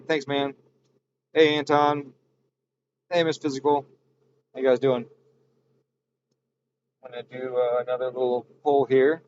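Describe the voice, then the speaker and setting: A medium-pitched, somewhat mellow male voice narrates a dyno tuning livestream in a casual, rambling way, thinking aloud and catching his own mistakes as he works. High frequencies are cut off, and a little hiss or hum runs underneath.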